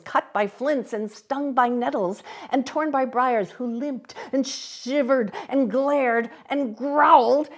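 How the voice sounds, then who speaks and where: A woman reading a classic novel aloud, telling the story with unhurried expression. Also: sits high. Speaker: volunteer reader.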